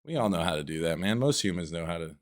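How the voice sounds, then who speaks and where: A man's voice: low-pitched, lively intonation, fast talker. Profane, rambling Southern American man. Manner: loose and profane, rambling with fillers. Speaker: podcast co-host. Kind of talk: casual chat.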